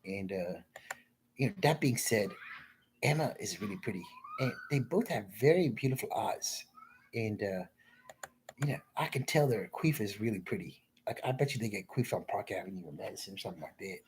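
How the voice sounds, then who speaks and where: A man rambling in crude off-the-cuff commentary, mumbling and trailing off into low asides. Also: expressive, a little fast, slight background noise. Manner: crude, rambling, self-interrupting.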